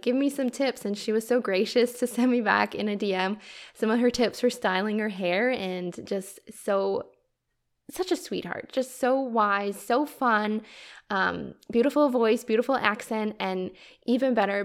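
A woman hosting a faith-based podcast, introducing her guest in an enthusiastic, gushing, conversational way. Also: a little high. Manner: faith-filled, prayerful phrasing. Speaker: podcast host. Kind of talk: solo podcast intro, casual chat.

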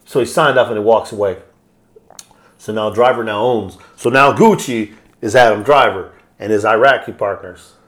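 A man on a podcast casually retelling a film's plot in a loose, rambling way, slipping into quick voiced quotes. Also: fairly low pitch. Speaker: podcast host. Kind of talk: casual movie recap.

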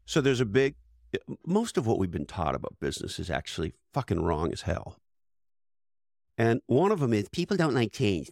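A man talks as an expert guest on a podcast, pressing his points hard and firing off rhetorical questions. His voice has a gravelly, creaky edge. The sound is close and dry, with no room around it. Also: fairly low pitch, sing-song, normal speed, a little mellow, no echo. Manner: emphatic and persuasive, punchy rhetorical questions. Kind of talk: energetic interview talk.

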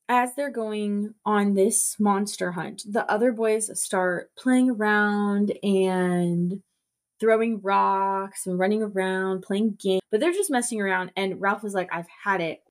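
A woman co-hosting a casual book podcast, talking in an animated way and acting out characters' lines in quick voices. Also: mid-range voice. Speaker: podcast co-host.

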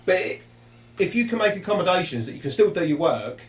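A man's voice: sits high, sing-song, quick pace, slight background noise. A man hosting a podcast, talking earnestly in casual chat with many restarts. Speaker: podcast host. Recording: echoey room, mic at a distance.

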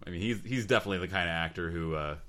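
Deep-voiced man rambling about movies. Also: racing, sharp tone. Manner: rambling, hesitant with frequent restarts. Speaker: podcast co-host. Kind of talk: casual movie discussion.

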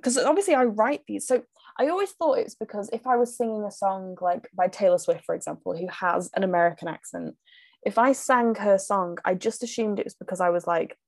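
An English woman in a loose, friendly chat, full of little laughs and filler words. Her voice sits at a middling pitch and the recording is close and dry, with no room sound. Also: fairly quick, vocal fry, no echo. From England. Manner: chatty, laughs often, many fillers. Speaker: singer-songwriter guest. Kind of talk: casual chat.

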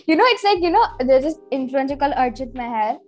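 A woman's voice: high-pitched, lively intonation, quick pace, soft background music. A woman co-hosting a casual podcast, giggly and teasing. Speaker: podcast co-host. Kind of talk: casual chat.

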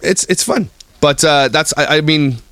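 A man's voice: on the high side, measured pace, a bit bright, dry recording. A man in his thirties from Canada, co-hosting a podcast in casual, joking banter. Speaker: podcast co-host. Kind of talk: casual chat.

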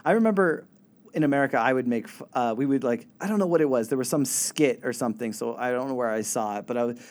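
A man co-hosting a casual chat podcast, rambling with many fillers and trailing off softly at the ends of his thoughts. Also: mid-range voice, fast talker. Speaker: podcast co-host.

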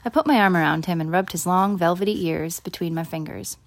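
A woman with a lower, unhurried voice reads a first-person children's story aloud. She narrates steadily and lifts her voice brightly whenever a character speaks. Her storytelling is plain and clear. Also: fairly even intonation. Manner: voices characters with raised pitch and louder quotes. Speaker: audiobook narrator.

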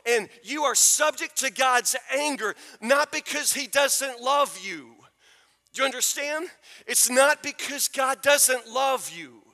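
A man with a very high, bright voice preaches a sermon, pressing his points again and again and asking his listeners if they understand. His voice rings with a long reverb in a big hall. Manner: emphatic, repeats phrases, asks the crowd questions. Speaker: pastor.

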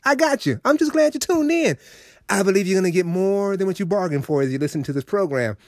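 A man's voice: sits high, animated, quick pace, dry recording, clean studio sound. A man preaching a radio sermon, folksy and preachy, talking straight to his listeners.

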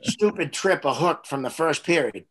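Profane storytelling man, slightly high voice. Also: lively intonation, moderate pace, a bit bright, breathy edge. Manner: profane, laid-back anecdotal storytelling. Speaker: guest, former hockey referee. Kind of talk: casual podcast storytelling.

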